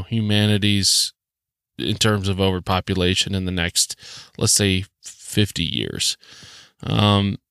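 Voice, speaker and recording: A man's voice: on the low side, fairly bright tone, clear, resonant tone, dry recording, studio quality. A man with a Southern US accent hosting a rambling, joking solo podcast, full of ums and restarts. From southern United States. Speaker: podcast host.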